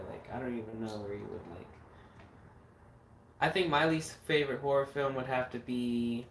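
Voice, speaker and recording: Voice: medium pitch, distant mic. A horror filmmaker hosting a casual livestream chat. The host rambles and swears freely. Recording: roomy echo, mic set back, faint noise.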